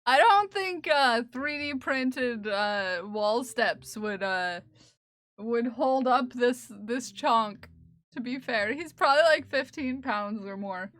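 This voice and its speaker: A woman's voice: a little high, slow pace, a bit bright, no echo. A woman chatting casually on a livestream while knitting, laughing often and talking fondly to her cat. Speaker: streamer.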